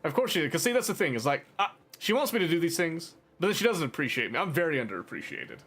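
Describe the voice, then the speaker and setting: A man's voice: fairly high pitch, big pitch swings, fast, fairly bright tone, breathy edge. A man streaming a game, chatting casually with his viewers in a playful, teasing and mock-dramatic way. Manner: rambling, talks to chat. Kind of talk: casual live-stream chat while gaming.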